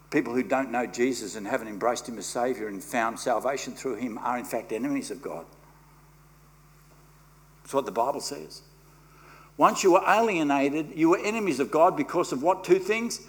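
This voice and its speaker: A man preaching a sermon as pastor, emphatic and swinging between quiet and loud, leading the congregation in repeating lines. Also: medium pitch, normal speed, a little hiss or hum. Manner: leads the congregation in call-and-response.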